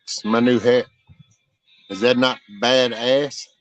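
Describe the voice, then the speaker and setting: Slow and level in tone, this medium-pitched man hosts a vlog, chatting and joking with frequent profanity as he works outside. The sound is dull and lo-fi, with music in the mix.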